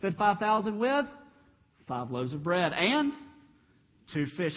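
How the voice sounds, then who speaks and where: A man preaching a lively sermon, acting out the voices in the Bible stories as he retells them. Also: sits high, slow pace, long pauses. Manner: animated storytelling, acts out Bible voices. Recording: dull reverberant hall.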